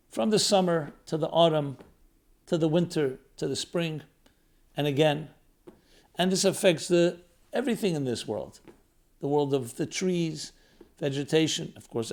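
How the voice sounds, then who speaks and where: A man's voice: fairly high pitch, a little slow, gravelly, pauses often, darkish tone. A man giving a reflective spiritual talk as a rabbi, building his points in strings of short phrases that rise and fall in emphasis. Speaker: rabbi, lecturer.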